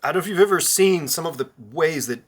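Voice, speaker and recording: A man's voice: fairly high pitch, fast. A man co-hosting a podcast in casual chat, reacting with playful, quizzical questions. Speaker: podcast co-host.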